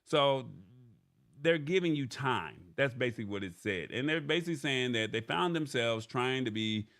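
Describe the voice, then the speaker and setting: A man's voice: medium pitch, lively intonation, moderate pace, a bit bright. A man hosting a casual tech show in an ordinary mid-range voice. He paraphrases what he reads in a loose, chatty way. He keeps checking in with "all right?" after his points. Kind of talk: casual live-stream tech talk.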